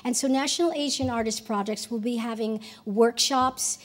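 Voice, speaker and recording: An older woman from the United States gives a convention keynote speech, earnest and animated, often restarting her phrases and acting out quoted lines. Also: fairly high pitch, normal speed. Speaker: keynote speaker. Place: convention hall.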